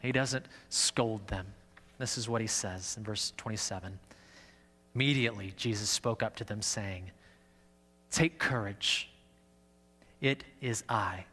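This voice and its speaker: In a church sanctuary with long hall reverb, a male pastor preaches earnestly in a fairly low, sharp, husky voice. He often stumbles and repeats words while explaining.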